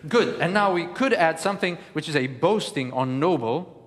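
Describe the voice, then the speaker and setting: A man lecturing and coaching verse declamation, animated and encouraging, with frequent hesitation fillers. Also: on the high side, normal speed, in a large hall. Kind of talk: teaching lecture with spoken demonstrations.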